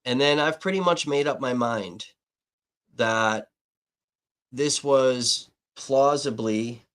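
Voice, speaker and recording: A man at mid pitch tells a story to his livestream audience in loose, swear-heavy talk. He keeps the retelling animated and acts out each side of the conversation as he goes. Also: slow pace. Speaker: livestream host and independent writer. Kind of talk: casual profane storytelling.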